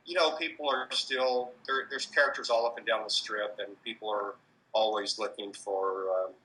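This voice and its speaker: A man's voice: lowish voice, steady tone, normal speed, bright, forceful tone, husky, rough recording. A man answering interview questions about his street performing, hesitant, with many fillers and restarts. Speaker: street performer in mobster costume.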